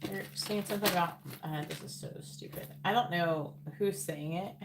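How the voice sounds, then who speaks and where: A lowish, gravelly woman's voice calls out tarot cards one by one during a live reading, slipping into disbelieving asides. The recording is buried under loud hiss and noise. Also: normal speed. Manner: names cards aloud in a murmur, then incredulous asides. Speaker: psychic tarot reader.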